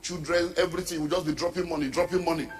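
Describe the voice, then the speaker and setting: A middle-aged man with a Nigerian accent, a pastor preaching an animated sermon with lots of repetition and asides. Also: a little high, very fast. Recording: reverberant hall with music underneath.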